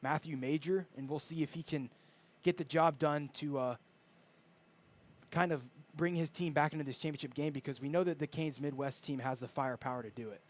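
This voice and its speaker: A man's voice: a little high, brisk. A man giving chatty, analytical color commentary on a live baseball game.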